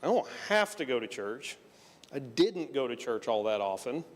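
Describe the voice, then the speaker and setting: Animated Texan preacher in a reverberant hall. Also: male voice, medium pitch, moderate pace. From Texas. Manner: animated storyteller, acting out dialogue with self-deprecating humor. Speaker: pastor. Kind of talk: conversational sermon with storytelling. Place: church sanctuary.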